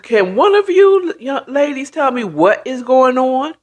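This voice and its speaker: A woman's voice: big pitch swings, slow, darkish tone, full character voice. A woman retelling a story and voicing a middle-aged mother who demands answers. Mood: demanding. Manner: high exclamations, fake-cheerful then shocked.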